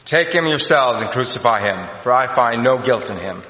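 A man reading scripture voices a stern Roman governor who asks brisk, probing questions. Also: medium pitch, animated, sharp tone, pitched below the performer's own voice. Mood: questioning. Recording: echoey hall, long reverb.

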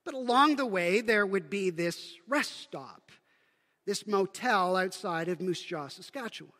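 A Canadian pastor delivers a sermon in a high, bright voice, speaking easily at a measured pace with lively intonation and posing rhetorical questions to his listeners. His words ring out with a long reverb through a church sanctuary.

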